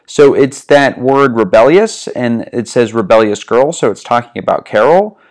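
A man's voice: medium pitch, expressive, moderate pace. A man from the American Northeast, a test-prep tutor, casually walking through reading questions step by step, recorded at home on a desk microphone. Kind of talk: explaining a reading practice test.

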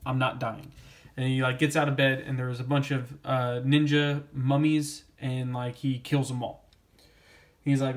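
A man's voice: mid-range voice, steady tone, normal speed. A man giving a casual comic book review, rambling with many fillers and restarts.

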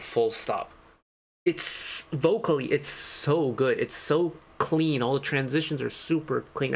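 A man reacts to songs in a relaxed, casual commentary. He gushes with enthusiasm, dwelling on vocal details. His voice sits at an ordinary, middle pitch. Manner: enthusiastic, gushing about vocal technique. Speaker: music reaction host.

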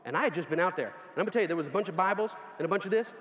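A man preaching a sermon, telling a lively story and acting out the people in it with bursts of laughter. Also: sits high, very fast, background noise. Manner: animated, laughing storyteller who acts out quoted voices. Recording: dull, echoey hall sound with faint ambience.

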